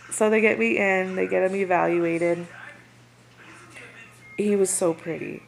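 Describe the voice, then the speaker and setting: Gravelly-voiced young woman telling a story. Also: medium pitch, normal speed, long pauses. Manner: animated, acts out quotes of others. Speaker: new mother. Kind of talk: casual storytelling. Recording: noisy home recording.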